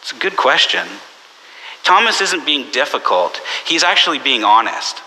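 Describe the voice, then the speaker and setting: A man preaching a sermon as pastor, conversational and anecdotal, slipping into animated voices for the people he quotes. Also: medium pitch, moderate pace. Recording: long church reverb with faint hiss.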